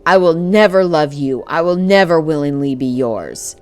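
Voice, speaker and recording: A woman's voice: deep voice, lively intonation, normal speed, smooth, faint music behind. A woman voicing a wounded young man who is defiant and devoted, in an audiobook. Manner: soft, pleading and defiant.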